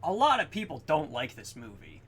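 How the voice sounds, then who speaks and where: A young man co-hosting a podcast in casual chat, excitedly recapping scenes, swearing often and acting out quotes. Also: fairly high pitch, moderate pace, slightly rough. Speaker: podcast co-host.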